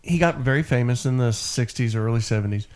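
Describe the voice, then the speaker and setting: A man's voice: medium pitch, fast talker. Joking, bawdy male radio host. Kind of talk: casual radio banter.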